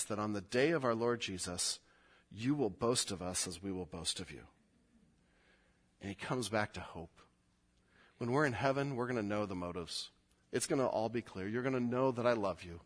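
A pastor preaches a sermon verse by verse, animated throughout. When he explains, his voice climbs sharply, growing high and loud.

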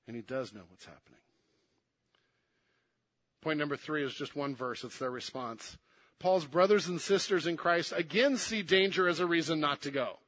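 A man with a fairly high-pitched voice preaches a sermon, shifting between hushed and emphatic delivery and repeating words to press his points.

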